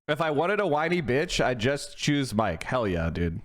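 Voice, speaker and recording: A man's voice: medium pitch, very animated, normal speed, hardly any pauses. A man from Pennsylvania, a political streamer, ranting profanely and reading news aloud with heated reactions. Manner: profane, heated, swings between shouting and muttering. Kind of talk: ranting livestream commentary.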